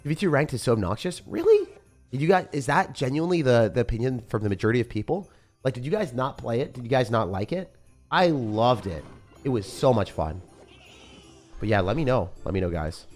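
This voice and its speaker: A man with a rough morning voice giving casual live commentary on a game he is playing, chatting and reading viewer comments aloud. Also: medium pitch, expressive, fairly quick, soft background music. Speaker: game streamer.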